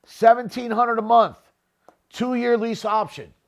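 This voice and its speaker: A man's voice: extremely high pitch, fairly even intonation, slow, gravelly. A middle-aged man hosting a real estate podcast, giving blunt, profane, unscripted commentary and often tagging his points with "okay?". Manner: grows louder and more heated, shouting at times.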